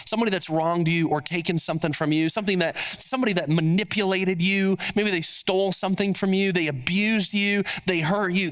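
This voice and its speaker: A man's voice: sits high, a bit bright. A man preaching a sermon as pastor, emphatic and building on repeated rhetorical questions.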